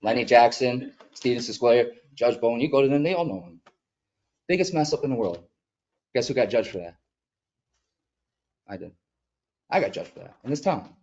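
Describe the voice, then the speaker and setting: A man who is a mural artist, speaking earnestly and with emotion at a village board meeting, sometimes halting as he gets choked up. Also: medium pitch, animated, a little mellow, dull audio. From upstate New York. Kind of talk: emotional public comment. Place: public meeting room.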